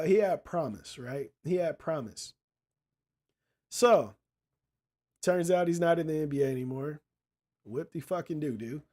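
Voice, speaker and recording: Profane, slangy male commentator. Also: fairly high pitch. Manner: blunt, profane, animated storytelling with street slang. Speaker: podcast host. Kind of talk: casual commentary monologue.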